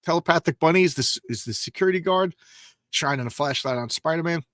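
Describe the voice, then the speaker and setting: A man's voice: a little high, fast, fairly bright tone, no echo, studio quality. A man hosting a casual comic book reading show, talking with enthusiasm, rambling and often stumbling over his words. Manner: enthusiastic, rambling, stammering restarts.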